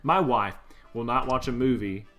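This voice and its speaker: A man co-hosting a casual game podcast, dropping dry jokes into the chat. His voice is mid-pitched, with faint music behind. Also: normal speed, fairly bright tone. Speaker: podcast co-host.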